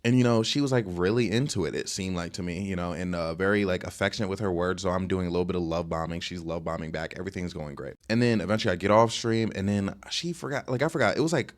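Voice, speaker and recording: A young man tears through a storytime rant at high speed, slangy and boastful as he rambles from one tangent to the next. His voice sits fairly low, and he is talking into a webcam setup at home. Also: fast talker, hardly any pauses. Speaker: streamer telling a dating story.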